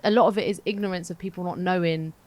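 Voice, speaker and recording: A young woman, co-hosting a podcast and chatting in an animated, slangy, emphatic way. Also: fairly low pitch, fast talker. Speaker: podcast co-host. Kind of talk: casual chat.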